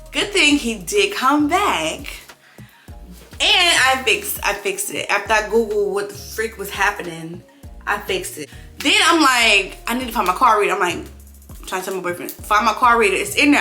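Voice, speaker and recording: A young woman with a bright, forceful voice tells a casual vlog story about her small business, animated and quick to curse as she replays her own frustrations. The room rings with echo, and faint music sits underneath her. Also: mid-range voice. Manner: animated, swears freely, acts out her own frustrated thoughts. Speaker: clothing brand owner vlogging.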